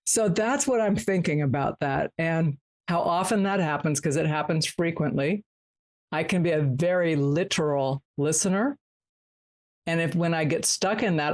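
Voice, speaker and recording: A woman hosting a podcast interview. She speaks in an animated, reflective, self-deprecating way. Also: sits low. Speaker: podcast host. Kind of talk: interview conversation.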